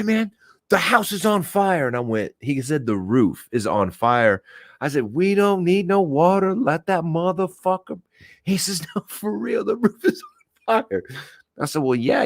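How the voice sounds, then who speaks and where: Casually storytelling to a live crowd, this Oklahoma-born podcast host is animated and profane, and his pitch jumps sharply whenever he imitates what someone said. The recording is dry and clean, with studio sound.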